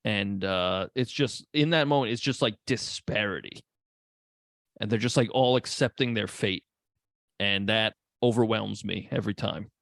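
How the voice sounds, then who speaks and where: A man co-hosting a casual movie podcast, animated and profane, acting out characters' lines as he talks. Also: on the low side, moderate pace, vocal fry, dry recording, clean studio sound. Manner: animated, swears a lot, acts out characters' lines. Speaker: podcast co-host.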